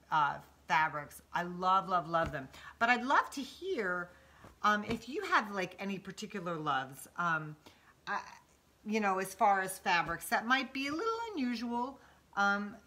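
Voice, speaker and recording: Bright-voiced, chatty middle-aged woman. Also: fairly low pitch. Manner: chatty and enthusiastic, addressing viewers directly. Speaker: quilter and channel host. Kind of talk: live-stream craft chat. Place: home sewing room in Arizona.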